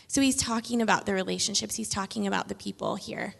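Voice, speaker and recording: A chatty, expressive woman in her thirties shares stories as a children's pastor. Her voice has a gravelly, fry-laden edge. It rings out in a large church hall with a long reverb. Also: medium pitch, quick pace. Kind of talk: casual stage conversation in church. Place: church sanctuary.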